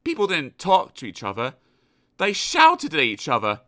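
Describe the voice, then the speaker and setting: Man reading a kids' storybook, bright voice, swoops up and down a lot, takes his time. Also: a little high, moderate pace, no echo. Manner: expressive, animated storytelling. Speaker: audiobook narrator.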